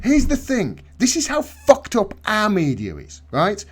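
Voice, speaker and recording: A man hosting a casual political chat, excitable and profane, stumbling through quick restarts. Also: high-pitched, husky. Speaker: host.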